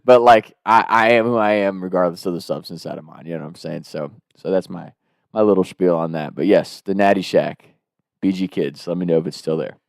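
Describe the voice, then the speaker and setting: A young man telling a party story in a casual, animated way, swearing and laughing often. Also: low-pitched, normal speed, creaky, no room sound, studio quality.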